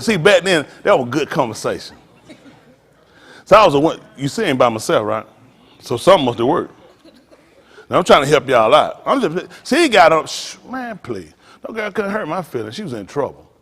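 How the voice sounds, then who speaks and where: A middle-aged man pastor, teasing and preaching to his congregation in a joking, animated way. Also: fairly high pitch, brisk. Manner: animated, teasing, talks straight to the crowd. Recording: long hall reverb.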